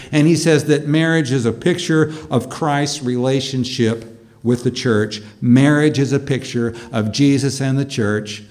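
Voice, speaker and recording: A man preaching a sermon in a slow, measured way, rising with emphasis on key points. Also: medium pitch, a little mellow. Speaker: pastor.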